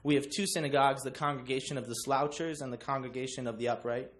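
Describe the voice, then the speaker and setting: A man's voice: medium pitch, fairly even intonation, fast talker, slight background noise. A young man giving a class book presentation, joking with many ums. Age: young adult. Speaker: student presenter.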